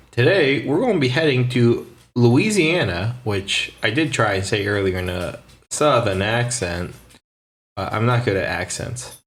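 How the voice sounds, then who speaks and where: A man hosting a casual chat podcast, easygoing and rambling, often stumbling and restarting. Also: on the low side. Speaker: podcast host.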